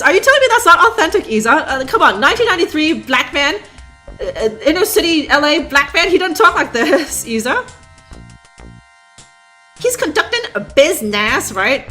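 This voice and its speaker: A female streamer talks at a normal speed while commenting live on a game, rambling, sarcastic, and laughing throughout. Her voice is high, bright, very animated, and swings widely in pitch, and soft game music plays in the background.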